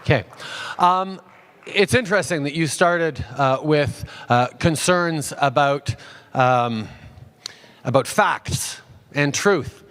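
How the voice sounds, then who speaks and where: A man answering audience questions at a town hall, halting and restarting with many fillers. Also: a little high, fairly bright tone, clear, resonant tone.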